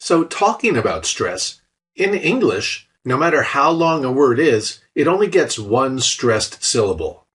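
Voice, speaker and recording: A man's voice: medium pitch, sing-song, unhurried, a bit bright, breathy edge. A man narrating a scripted language lesson, explaining step by step with light, dry jokes. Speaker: language teacher.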